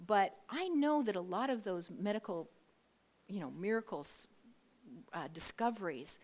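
A middle-aged woman giving a candid, emotional personal testimony, telling her story with animated asides and quoted dialogue. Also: medium pitch, normal speed. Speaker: guest speaker sharing her testimony.

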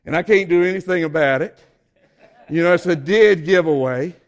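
High-voiced Southern preacher from Georgia. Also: male voice, normal speed, lo-fi sound. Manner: emphatic preaching, swings between quiet asides and loud exhortation. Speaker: pastor. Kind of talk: sermon.

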